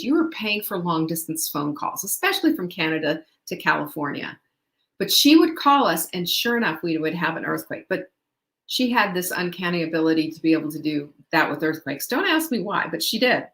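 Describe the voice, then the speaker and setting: A woman's voice: lowish voice, a bit bright. A middle-aged woman hosting a motivational talk, chatty and upbeat, who laughs often and asks the listener questions. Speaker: host. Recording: echoey room.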